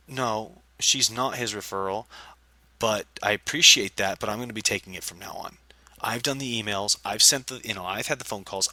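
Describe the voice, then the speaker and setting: A man's voice: lowish voice, dry recording. A man telling a story in a casual vlog rant, angry and profane, acting out the people he quotes. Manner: angry, profane, animated retelling. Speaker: vlogger.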